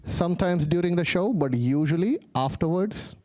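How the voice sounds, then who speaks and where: A man's voice: high-pitched, normal speed. Indian-accented man doing stand-up. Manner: animated, acts out voices in his stories. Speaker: stand-up comedian. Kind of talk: stand-up storytelling. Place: stage before a live audience.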